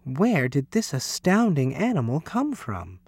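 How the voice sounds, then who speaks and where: Man doing a brisk teacher lady, decisive, bouncy up-and-down delivery, dry room. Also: medium pitch, huge pitch swings, darkish tone, breathy edge, no room sound, heavily acted. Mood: animated.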